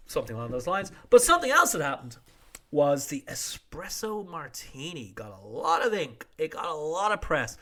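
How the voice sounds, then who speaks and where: A man's voice: fairly high pitch, very animated, brisk, a bit bright. A middle-aged man hosting a podcast news roundup, wry and irreverent, swearing freely and acting out quotes. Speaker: podcast host. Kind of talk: casual news roundup monologue.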